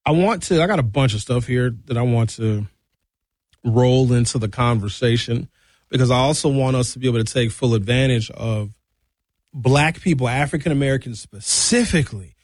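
A man hosting a talk radio show, chatting casually to listeners with lively slangy asides, from a studio mic. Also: mid-range voice, moderate pace, no echo.

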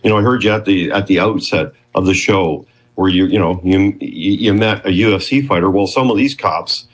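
A husky man in his fifties sits as a guest, spinning a rambling story. His lowish voice keeps breaking off and restarting as he piles on detail. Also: normal speed, rough recording. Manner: rambling, self-interrupting, animated storyteller. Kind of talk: casual interview storytelling.

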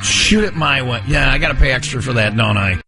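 A man co-hosting a radio morning show, chatting casually and telling jokes in a playful, animated way. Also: mid-range voice, a little fast, music in the background. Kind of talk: casual on-air banter and joke telling.

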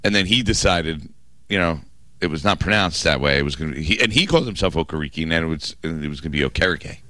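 A man's voice: extremely low pitch, lively intonation, fast talker, pushed and bright, dry recording. A man co-hosting a sports radio show, joking and arguing his points, often repeating words as he goes. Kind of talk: casual sports radio chat.

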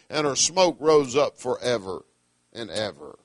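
A middle-aged man, preaching a sermon with emphatic, swinging delivery, loud declarations dropping to quiet asides. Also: on the high side, sing-song, measured pace, no echo.

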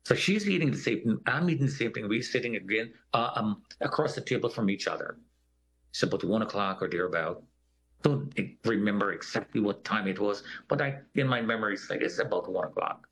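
A man's voice: fairly low pitch, expressive, fairly quick, a bit bright, slightly rough. A man telling a personal story in an interview, acting out the voices of the people in it. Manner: vivid storyteller who acts out the quoted voices of others.

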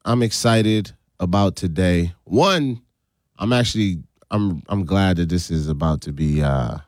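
A low-voiced man hosts a relaxed radio chat. He draws out his words and laughs easily. He is recorded close and dry in a studio. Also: no room sound. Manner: laid-back, drawn-out, laughs often. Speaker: radio show host. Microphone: studio microphone.

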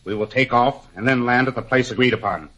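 An actor playing a cold, menacing master criminal who speaks in a measured, formal, threatening way in a 1940s radio drama. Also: male voice, medium pitch, bright, forceful tone, muffled recording. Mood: commanding.

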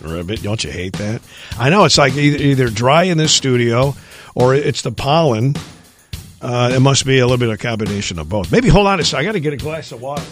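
A man's voice: mid-range voice, lively intonation, fast talker, faint music behind. A man hosting a radio show from the studio, folksy and chatty, greeting listeners by name, with a frog in his throat. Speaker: radio host. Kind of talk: casual radio banter.

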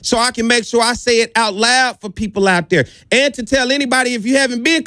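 High-voiced fired-up man. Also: brisk, few pauses, pushed and bright, clear, resonant tone, no echo, studio quality. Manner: preachy, repetitive, emphatic. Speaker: sports show host. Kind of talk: impassioned monologue.

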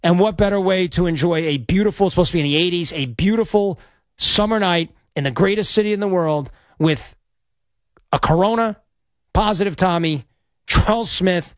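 A man hosting a late-night sports talk radio show, energetic and rambling, talking into a studio mic. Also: sits high, moderate pace, no room sound. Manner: energetic, rambling, self-promoting. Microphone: studio microphone.

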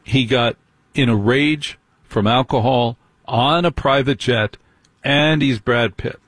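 A man's voice: mid-range voice, slow pace, fairly bright tone, dry recording. A man giving sarcastic celebrity gossip commentary as a host, with mocking, scornful asides.

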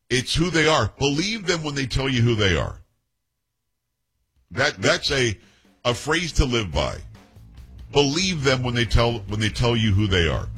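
Male call-in radio host, husky, insistent, storytelling delivery. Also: mid-range voice, a bit bright. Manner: opinionated, emphatic, tells stories in character voices. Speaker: radio talk show host.

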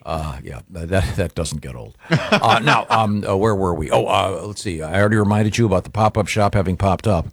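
Low-voiced rambling radio host man. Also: normal speed, no room sound. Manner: rambling, hesitant, dry humor. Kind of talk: casual radio banter, reading listener letters. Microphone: studio microphone.

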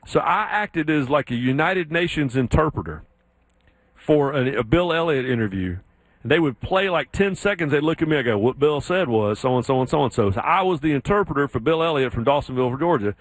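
Southern sports radio host, animated storyteller, dry studio sound. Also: male voice, brisk, no echo. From South Carolina. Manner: animated storyteller, mimics others in high voices. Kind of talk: casual sports radio chat.

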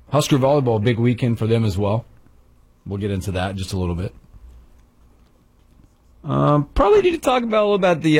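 Animated husky male radio host. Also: mid-range voice. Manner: animated, sing-song greetings, laughs often. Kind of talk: morning sports radio chat.

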